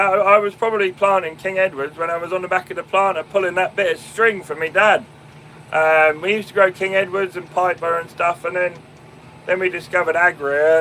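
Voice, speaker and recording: Streaming from his tractor cab in a field on his phone, this young Fenland-accented Englishman answers viewers in a chatty, casual way, addressing them as mate and my man. His fairly high voice has a sharp tone, broken up by plenty of ums and restarts. The recording is rough, with a little background noise.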